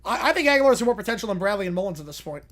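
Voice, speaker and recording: Lively young man chatting on stream. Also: high voice. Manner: chatty, quick reactions, frequent restarts and "yeah"s. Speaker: livestream host reading chat. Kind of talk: casual livestream chat answering viewer questions.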